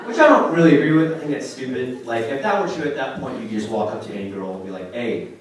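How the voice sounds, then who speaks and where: A man's voice: mid-range voice, racing. A man in his twenties from Oregon doing a casual stand-up comedy set, telling stories and slipping into quoted voices. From Oregon, USA. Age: 20s. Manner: casual, lively storytelling with put-on quoted voices. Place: comedy club stage. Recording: echoey club from far off, loud crowd. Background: audience laughter.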